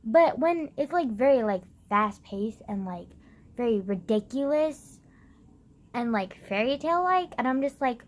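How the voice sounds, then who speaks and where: A woman's voice: on the high side, animated, unhurried. Exasperated young woman ranting, fillers throughout. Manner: exasperated, sarcastic, heavy use of "like", swears; mocks others in exaggerated put-on voices. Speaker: vlogger. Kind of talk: casual rant.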